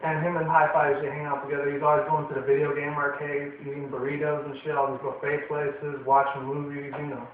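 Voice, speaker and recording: A man's voice: a little high, completely flat delivery, quick pace, hardly any pauses, slight background noise. A young man giving a casual, rambling, profane cartoon review full of fillers. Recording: echoey distant tinny lo-fi recording.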